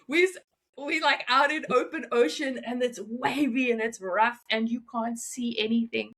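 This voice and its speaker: Animated woman storyteller. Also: a little high. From South Africa. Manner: animated, laughing, quick asides. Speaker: guest, freediver. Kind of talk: casual interview storytelling.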